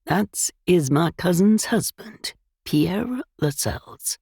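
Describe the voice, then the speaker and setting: A woman voicing a mild, weary American man with a grave, measured manner in an audiobook. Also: fairly low pitch, lively intonation, creaky, darkish tone, slightly rough, no room sound, studio quality, exaggerated voice. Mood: grave, wry.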